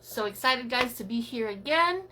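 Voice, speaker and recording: A woman's voice: fairly high pitch, expressive, moderate pace, bright, forceful tone, slight background noise. A woman hosting a live podcast, talking in an upbeat, chatty way and often repeating herself. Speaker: podcast host. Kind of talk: casual live-stream chat.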